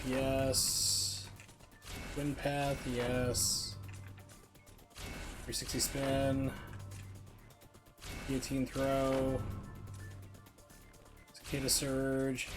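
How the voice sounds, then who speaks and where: A man chats his way through a live game stream, rambling with plenty of "like" fillers and dry jokes at his own play. His voice sits at an ordinary middle pitch, and game music plays clearly underneath. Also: fairly even intonation, drawn-out words, pauses often. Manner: rambling, many "like" fillers, wry asides. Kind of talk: casual live gameplay commentary. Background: game music and sound effects.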